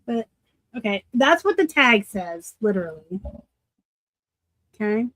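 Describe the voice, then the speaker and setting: A chatty woman hosting a live thrift unboxing, talking through her finds in a relaxed, joking way. Her voice sits at an ordinary middle pitch and the sound is dry and close, with no room around it. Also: a little slow, no echo. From Arizona. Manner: chatty, laughs easily, self-deprecating asides. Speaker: reseller host. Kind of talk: casual live unboxing chat.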